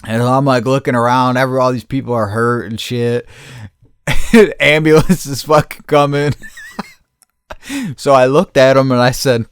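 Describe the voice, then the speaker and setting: A man's voice: mid-range voice, fairly even intonation, moderate pace, pauses often, smooth, no echo, studio quality. A middle-aged man hosting a podcast, telling a story casually and profanely and laughing often. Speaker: podcast host.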